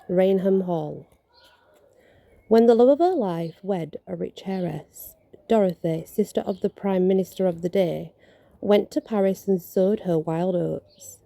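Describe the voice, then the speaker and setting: A woman with a very bright, sharp voice reads ghost stories aloud outdoors. She trips over words, corrects herself and adds casual asides between the tales. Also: lowish voice, gravelly, no room sound. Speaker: vlogger reading ghost stories.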